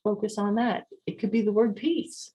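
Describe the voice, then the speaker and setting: A woman hosting a podcast, talking calmly and repetitively as she coaches listeners on slowing down and mindfulness. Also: mid-range voice, low-quality recording. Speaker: podcast host. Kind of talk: calm podcast talk on sleep and mindfulness.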